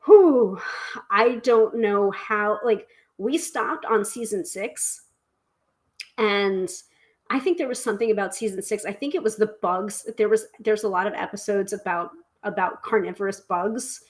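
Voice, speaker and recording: A middle-aged woman hosting a live tarot stream, talking casually and excitedly with many fillers and restarts. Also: mid-range voice, a little slow, poor audio. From United States.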